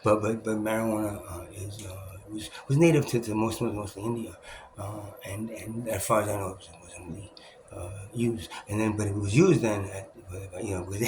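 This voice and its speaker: In an echoey room filled with loud ambient noise, a man records himself delivering a rambling monologue in a fairly low voice at a fairly quick pace. He restarts often, swears, and laughs while imitating other people's voices.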